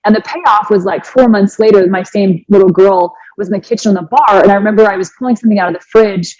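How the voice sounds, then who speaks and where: A woman in her forties, a fitness coach, telling her personal story in an earnest, animated way with many restarts. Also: mid-range voice, quick pace. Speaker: fitness coach and podcast guest. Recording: dry, slightly dull sound.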